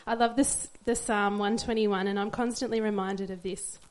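A woman's voice: medium pitch, steady tone, normal speed. A young woman giving an emotional church testimony as a new mother, tearful and laughing through it. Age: young adult.

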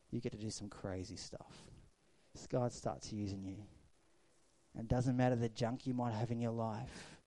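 Mellow-voiced preacher, dry sound. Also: male voice, lowish voice, dry recording. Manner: storytelling preacher, swings from loud to hushed. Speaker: pastor. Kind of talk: sermon.

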